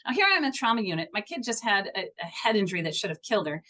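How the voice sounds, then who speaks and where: A woman's voice: mid-range voice, big pitch swings, rapid-fire, bright, forceful tone. A middle-aged woman guesting on a podcast as a homeopath, telling a story earnestly with lots of restarts.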